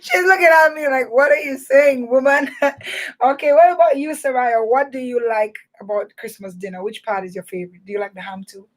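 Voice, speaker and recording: A woman hosting a radio show for children, talking in a playful, animated way. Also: a little high, fairly quick. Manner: animated, playful, laughing and teasing. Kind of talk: lively children's radio chat.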